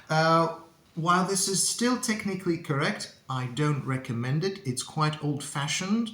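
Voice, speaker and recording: Slow, careful male English teacher. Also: on the high side, animated, bright, forceful tone. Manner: slow, deliberate, repeats words for learners to copy. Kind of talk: pronunciation lesson to camera. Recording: echoey room.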